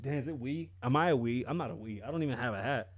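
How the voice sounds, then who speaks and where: A man's voice: medium pitch, fast, no room sound, studio quality. Sarcastic man riffing on the news. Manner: mocking, rhetorical questions, breaks off to laugh. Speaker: commentary vlogger. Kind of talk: profane sarcastic news commentary.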